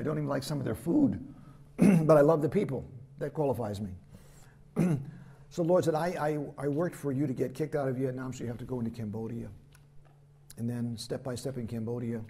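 An older man, a missionary preacher, telling lively stories in a sermon and acting out the voices of the people in them. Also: mid-range voice, slight background noise. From United States. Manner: animated anecdotes, voices quotes, laughs at himself. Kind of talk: storytelling sermon. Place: church hall.

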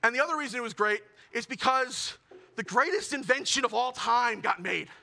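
A young man performing a self-mocking stand-up comedy set, building to shouted punchlines. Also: very high-pitched, a little fast, vocal fry. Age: young adult.

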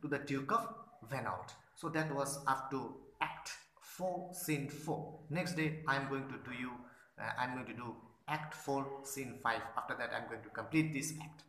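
A man's voice: mid-range voice, unhurried, pushed and bright, slight background noise. A male literature teacher in a conversational lecture, paraphrasing each line of the play in plain words. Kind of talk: explanatory lecture. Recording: roomy echo.

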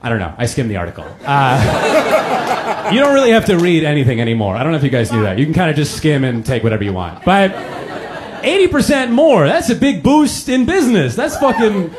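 A man doing stand-up in a comedy club, his voice high and swinging widely in pitch. His delivery is profane and mocking. Audience laughter and club noise fill the space behind him. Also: big pitch swings, fairly quick. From United States. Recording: crowd laughter, noisy club.

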